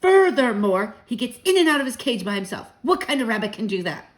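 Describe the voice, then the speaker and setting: Woman putting on a bossy house cat, sly, impatient, lively and raised. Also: fairly high pitch, fairly quick, pitched above the performer's own voice. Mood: scheming. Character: sly know-it-all male house cat.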